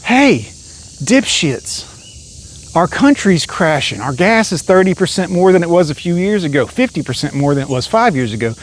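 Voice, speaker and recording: A man with a fairly high voice launches into an angry monologue, swearing freely and hammering every point with emphasis. It sounds like a one-man rant recorded for his own channel. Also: big pitch swings, moderate pace. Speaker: vlogger. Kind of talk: ranting monologue.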